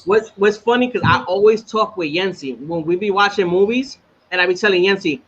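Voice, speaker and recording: A man co-hosting a casual chat, telling stories in a profane, animated way. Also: high-pitched, brisk. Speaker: podcast co-host. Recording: slightly dull sound with faint noise.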